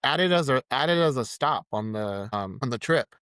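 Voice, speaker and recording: A man who drives rideshare appears as a podcast guest, animatedly telling a rideshare story in casual chat and acting out the quotes. His voice is medium-pitched and smooth at normal speed, recorded in a clean studio with no echo.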